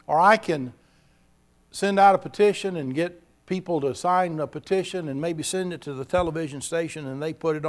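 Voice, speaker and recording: A man preaching a sermon, earnest and repeating key phrases for emphasis. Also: fairly high pitch.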